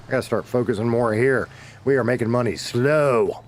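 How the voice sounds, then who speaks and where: A middle-aged man from the Deep South streams a game, talking casually to viewers in a medium-pitched voice at normal speed over slight background noise. His Southern accent is clear as he rambles, self-corrects, and swears from time to time.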